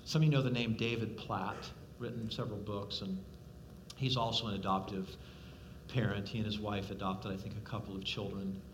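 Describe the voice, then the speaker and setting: A man preaching a sermon as a pastor, swinging from loud, pressing appeals to hushed, quiet questions and acting out the voices he quotes. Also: on the low side, fairly even intonation, fairly quick, slight background noise.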